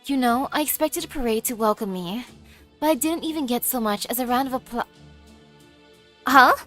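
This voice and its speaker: A woman's voice: fairly high pitch, moderate pace, fairly bright tone, soft background music, lightly acted. A woman voicing a haughty young woman who calls herself an alien ruler, in a pompous, grandiose manner. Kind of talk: reading game dialogue aloud.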